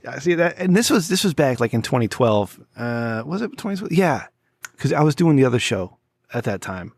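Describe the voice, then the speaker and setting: A man's voice: medium pitch, sing-song, moderate pace, husky, no echo. A man in his forties hosting a casual podcast chat, telling stories in a laid-back way and swearing freely. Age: 40s. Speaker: podcast host.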